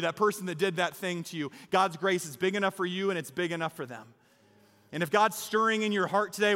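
A man's voice: high-pitched, sharp tone. A man preaching a sermon, telling a story in a conversational way and building to an exhortation to his congregation. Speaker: pastor. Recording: reverberant hall with faint music.

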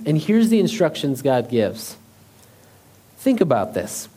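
A man's voice: on the high side, sing-song, unhurried, pauses often, warm tone. A man preaching a sermon as pastor, speaking conversationally and asking the congregation questions.

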